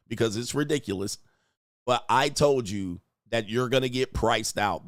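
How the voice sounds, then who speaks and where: A man's voice: medium pitch, dry recording. A man riffs on video clips in crude, joking, rambling commentary. His voice sits mid-range, recorded dry and close with no room sound. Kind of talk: reaction commentary.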